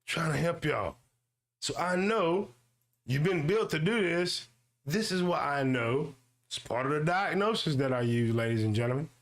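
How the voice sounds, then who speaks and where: A man hosting his own show, ranting and swearing in slang, repeating himself and mocking others in high-pitched voices. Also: normal speed. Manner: loud swearing rant with slang and repetition. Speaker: YouTube show host. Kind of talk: ranting commentary monologue.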